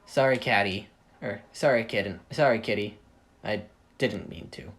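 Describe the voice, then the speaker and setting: A hot-headed teenage boy speaks sheepishly and apologetically to his older sister, voiced by a man. The pitch rises and falls a lot, and it has the feel of a homemade fan story reading. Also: expressive, moderate pace, vocal fry, fairly bright tone.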